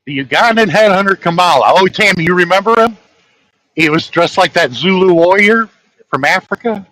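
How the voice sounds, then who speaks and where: A man's voice: high voice, sharp tone, dry recording, poor audio. A man, a truck-driving vlogger, telling a story in a rambling, chatty way and chuckling at his own tales. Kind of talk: casual storytelling.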